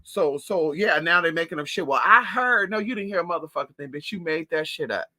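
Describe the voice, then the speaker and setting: A man talking in a sassy, profane, animated way in a casual gossip monologue at home. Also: on the high side, quick pace. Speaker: vlogger.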